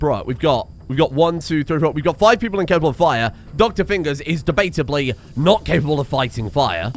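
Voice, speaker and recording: A man giving excitable, sweary let's play commentary, laughing often. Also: on the high side, fairly quick. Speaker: gaming streamer.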